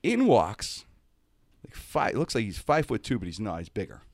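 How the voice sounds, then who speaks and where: A man's voice: lowish voice, moderate pace, no room sound, studio quality. A man telling a story in casual talk-show chat, slipping into comic voices. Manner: animated, does comic voices mid-story.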